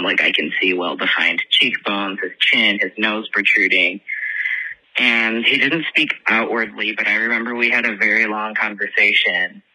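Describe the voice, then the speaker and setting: A man with a lowish but very bright, forward voice rambles through a story, leaning on filler words at almost every turn. It is a casual recorded message from a listener, told in a dry, close room with no echo.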